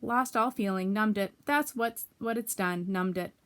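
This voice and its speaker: A woman voicing a gloomy old male donkey in a storybook reading, slow and grumbling. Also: medium pitch, fairly bright tone, close to an everyday voice.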